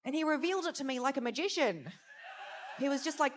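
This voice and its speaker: A woman works through a stand-up set with punchy, animated timing. Her voice is notably high and bright. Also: fast talker, slight background noise. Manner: punchy, animated joke delivery. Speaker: stand-up comedian.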